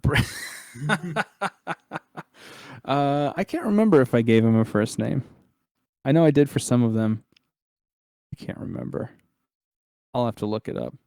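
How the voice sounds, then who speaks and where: A young adult man narrating as game master of a tabletop game, relaxed and chuckling, with frequent filler words. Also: medium pitch, a little slow, creaky, long pauses, dry recording.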